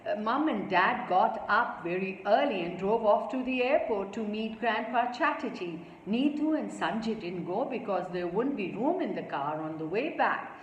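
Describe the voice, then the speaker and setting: A woman reading a story aloud to children, adding her own asides as she goes. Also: mid-range voice. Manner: warm, explanatory asides to children. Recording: echoey room with faint noise.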